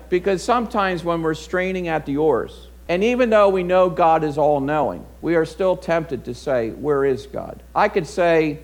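Folksy storytelling pastor, slightly high. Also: male voice, expressive, moderate pace. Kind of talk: sermon with personal story.

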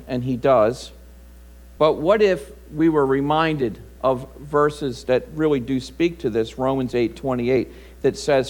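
Man, middle-aged pastor, voice sits a bit high; folksy, chatty sermon delivery. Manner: folksy storytelling, conversational. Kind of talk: sermon with personal story.

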